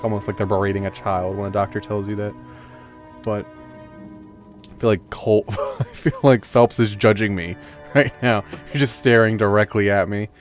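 A young man streaming a game and chatting casually, rambling and swearing while he jokes. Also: on the low side. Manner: profane, rambling, joking. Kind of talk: casual gameplay chat.

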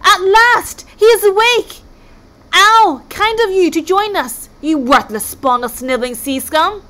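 A woman's voice: very high voice, unhurried, pushed and bright, voice pushed up, full character voice. Woman doing a bellowing giant Viking uncle.

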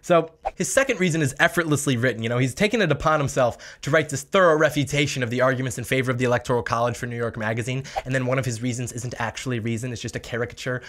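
A man's voice: mid-range voice, racing, hardly any pauses, fairly bright tone. A man hosting a political opinion vlog, talking in a sarcastic, mocking manner. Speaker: political commentary host.

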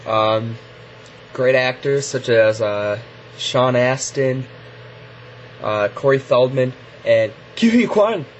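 A teenage boy vlogging casually to his webcam, rambling and halting with lots of fillers. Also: medium pitch, lively intonation. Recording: dull lo-fi webcam audio with faint hiss.

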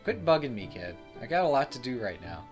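Gruff hospital boss who barks orders; varied pitch, read by a man. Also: big pitch swings, fairly quick, faint music behind, natural voice. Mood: bossy. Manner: curt and commanding. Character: bossy, gruff adult hospital shift leader.

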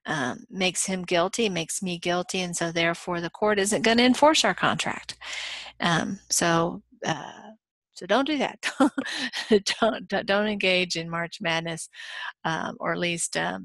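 A woman's voice: fairly low pitch, a bit bright, no echo. Middle-aged woman from Texas, college instructor, chatty and playful lecturer, dry room. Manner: chatty, playful, many fillers. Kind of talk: recorded lecture.

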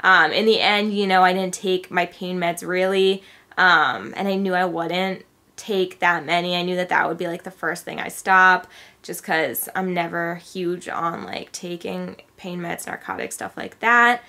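A young woman vlogging in a bright, clear voice. She talks in a loose, chatty way and leans on filler words throughout. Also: on the low side, fairly even intonation, measured pace. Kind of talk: casual vlog chat.

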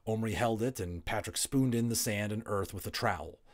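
Guy reading a kids novel out loud, low voice, chill, chats in between. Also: fairly quick. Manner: relaxed, chatty asides, small slips. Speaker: audiobook reader, voice actor. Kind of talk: reading a novel aloud with casual asides.

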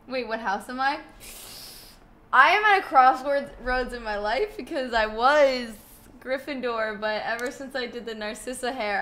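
A woman's voice: fairly high pitch, normal speed, fairly bright tone. A woman chatting casually on a live gaming stream, giggly and scattered, often breaking into laughs.

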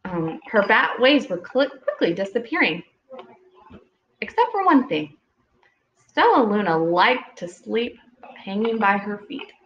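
A woman reading picture books aloud to young children at home, pausing gently to ask them questions. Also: medium pitch, sing-song, a little hiss or hum. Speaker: storytime reader. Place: home room with children nearby. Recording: echoey room, dull lo-fi audio.

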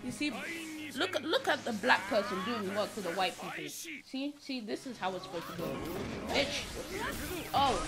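A young man giving profane, excitable trash-talk commentary over his gameplay, breaking into sudden shouts. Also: extremely high pitch. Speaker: gaming channel host. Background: game music.

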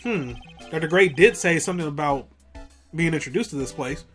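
Woman doing a dry low-voiced lawyer. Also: animated, brisk, soft background music. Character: young male defense attorney, wry and puzzled.

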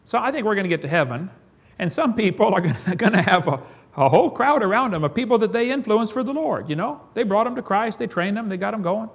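A man with a Southern US accent preaching a sermon in a folksy, joking way, swinging between loud and soft. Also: high-pitched, expressive, quick pace, creaky. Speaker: evangelist preacher.

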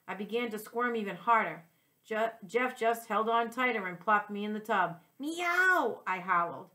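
A woman, a second-grade teacher, reading a children's chapter book aloud in a gentle, clear way, with small slips she corrects. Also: medium pitch.

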